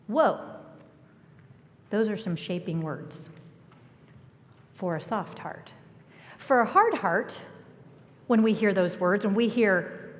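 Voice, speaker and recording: A woman preaching a sermon, telling the story with lively acted-out lines and sudden hushed asides. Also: mid-range voice, slow, long pauses. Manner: animated storytelling, acting out voices and dropping to a whisper. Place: church sanctuary. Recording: long church hall reverb.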